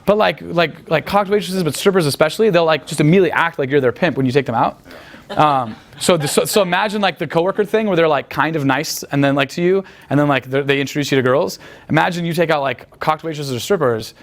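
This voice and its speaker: A man with a fairly high voice rattles off crude, boastful stories at a quick clip. He rambles from one point to the next and swears freely, as a guest in a loose, casual interview. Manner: crude, profane, rambling storytelling. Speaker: guest talking about picking up women.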